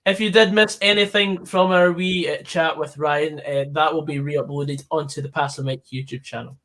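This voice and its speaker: Male stream host, higher voice, easygoing, reads chat. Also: steady tone, normal speed, a bit bright. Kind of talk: casual football chat. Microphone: online voice call.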